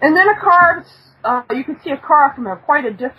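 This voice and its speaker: A woman telling a story in casual talk, halting, with many fillers. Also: sits high, lively intonation, a crowd in the background, low-quality recording. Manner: halting, with many fillers, takes corrections from her husband. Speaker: guest, storyteller.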